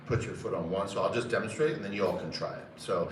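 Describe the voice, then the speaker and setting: A man's voice: deep voice, fast talker, recorded from a distance. A man teaching a live music lesson in a casual, hesitant way, often counting beats aloud. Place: conference center room. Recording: roomy sound from off-mic with loud music.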